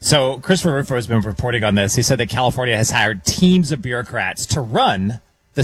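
A man's voice: medium pitch, animated, brisk, fairly bright tone, slightly rough, dry recording, rough recording. A man co-hosting a talk radio show, reading out a report while holding back laughter. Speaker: radio co-host.

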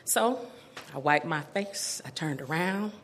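A middle-aged woman telling a personal story to an audience, animated and self-mocking, laughing often. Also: low voice, a little slow, heavy background noise.

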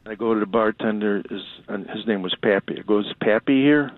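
A man from calls into a radio show over a tinny, dry phone line. His voice sits fairly low, and he tells a rambling story, acting out each person's voice. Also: level tone, brisk, no room sound. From Chicago. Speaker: radio caller.

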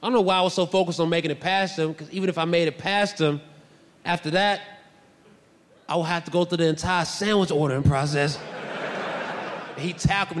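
A male stand-up comedian telling stories in an animated, boisterous, self-mocking way. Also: fairly high pitch, brisk, long pauses, long reverb tail, slight background noise. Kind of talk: stand-up storytelling.

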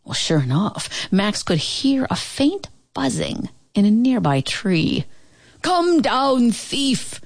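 Woman reading a kids' picture book aloud, super expressive sing-song voice, dry close sound. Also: mid-range voice, slow pace, vocal fry, husky, no room sound. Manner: expressive storytime reading, lingering on lists. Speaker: storyteller.

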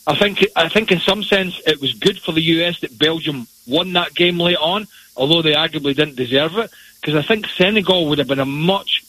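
A man delivers blunt, opinionated soccer analysis in a forceful, bright voice. There is a slight huskiness to it, and the sound is dry and close. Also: a little high, a little fast, slightly rough, no echo, poor audio. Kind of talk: radio sports analysis.

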